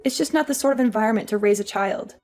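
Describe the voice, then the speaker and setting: An actress playing an exhausted young working wife, weary and pleading. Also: female voice, fairly high pitch, fast, a little mellow, soft background music, lightly acted. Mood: upset. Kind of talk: audio drama acting.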